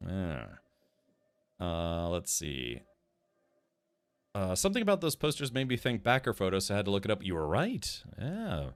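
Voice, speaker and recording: A man's voice: deep voice, wildly swooping pitch, normal speed, pauses often. A man streaming a video game live, chatting casually, rambling and restarting sentences and answering chat as he plays.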